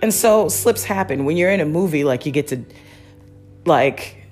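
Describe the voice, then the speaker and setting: A woman's voice: low voice, lively intonation, normal speed, a little mellow, soft background music. A woman hosting a podcast, talking casually in a rambling, chatty way with many fillers and restarts. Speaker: podcast host. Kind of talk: casual solo review chat.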